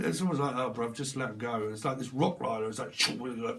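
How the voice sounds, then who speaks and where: Young guy doing a tarot vlog, acts out bits, swears loads, voice kinda high. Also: quick pace. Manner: animated, acts out scenes with put-on voices, swears a lot. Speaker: tarot reader.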